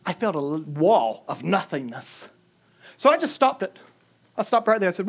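Male preacher, animated and humorous, tells stories from the pulpit. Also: high-pitched, moderate pace, vocal fry, husky. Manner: animated, humorous storytelling with chuckles. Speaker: pastor. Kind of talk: sermon.

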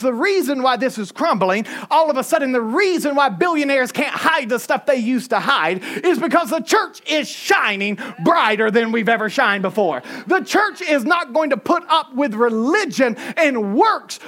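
A man preaching a sermon in a fiery style, often shouting with rising pitch, with a Southern American accent.

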